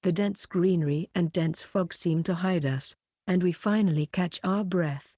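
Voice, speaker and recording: A woman reading a web novel aloud as an audiobook narrator, keeping one even voice throughout. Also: on the low side, measured pace, no echo, studio quality.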